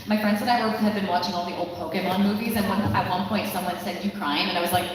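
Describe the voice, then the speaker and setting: Woman, voice actor, animated storyteller on a convention panel; distant mic in a reverberant hall with noise. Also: medium pitch, fast talker. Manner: animated storytelling, full of asides.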